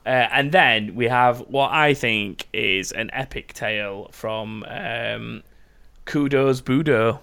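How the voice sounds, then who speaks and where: Bright-voiced podcast host. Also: male voice, mid-range voice, slow pace, vocal fry, smooth. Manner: rambling, jokey, swears freely. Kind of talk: casual chat, reading out listener stories.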